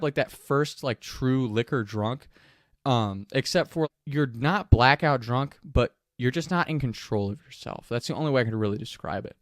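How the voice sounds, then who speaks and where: A man casually telling a story, animated and profane, often laughing as he talks. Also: mid-range voice, no echo, clean studio sound.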